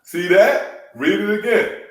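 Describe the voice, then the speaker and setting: A man's voice: high-pitched, takes it slowly. A man leading a scripture lesson in a preaching style, emphatic and repeatedly calling out "man" and "come on.". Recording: echoey room, voice from a distance.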